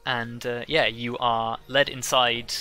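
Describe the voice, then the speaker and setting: A man narrating as game master of a tabletop game, halting often with fillers and restarts. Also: mid-range voice, little pitch movement, bright, forceful tone, clear, resonant tone, faint music behind.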